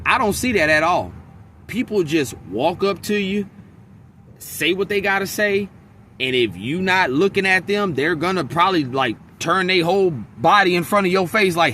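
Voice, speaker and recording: Vlogger, male, bright forceful tone, slightly raised pitch, blunt and profane, faint background noise. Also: normal speed. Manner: blunt, venting, profane, animated storytelling. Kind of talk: casual vlog monologue. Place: outdoors in a wooded area near a freeway.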